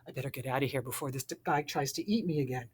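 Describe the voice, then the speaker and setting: A woman voicing a proud, excitable male doughnut who talks high and loud when alarmed. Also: racing, husky. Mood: worried.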